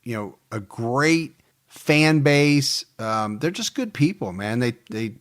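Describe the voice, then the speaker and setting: A man's voice: medium pitch, animated, takes it slowly. A man co-hosting a true crime podcast in easygoing casual chat. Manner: easygoing, laughs often. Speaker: podcast co-host.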